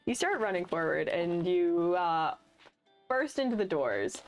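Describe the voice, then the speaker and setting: A woman narrating a tabletop game as game master, relaxed and filler-heavy. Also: on the low side, unhurried, lo-fi sound, soft background music.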